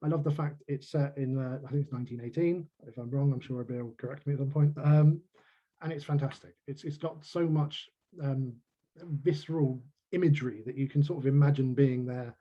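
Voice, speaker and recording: A man's voice: medium pitch, fairly even intonation, brisk, muffled recording. A man, a crime novelist, chatting as a guest on a video call and laughing at his own jokes. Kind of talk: casual video-call chat.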